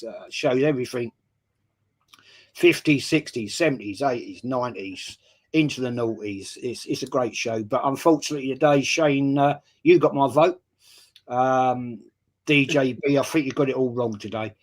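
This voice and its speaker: A man hosting a casual football chat show, greeting viewers by name and chatting loosely. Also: medium pitch. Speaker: podcast host.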